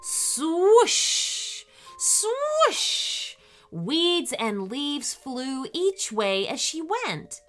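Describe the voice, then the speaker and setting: A woman hosting a children's story podcast, telling the story in an animated storyteller's manner. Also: high-pitched, extremely slow, few pauses, soft background music.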